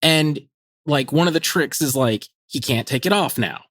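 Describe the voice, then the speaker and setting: A man's voice: a little high, moderate pace, no room sound. Man, podcast co-host, casual movie chat, mocking, laughing, dry sound. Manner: animated, laughing, mocking quotes.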